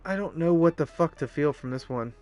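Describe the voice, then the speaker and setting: A man's voice: fairly high pitch, fairly quick, darkish tone, muffled recording, faint music behind. A man streaming a visual novel, reading the story aloud and breaking off into profane, self-mocking asides. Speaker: game streamer.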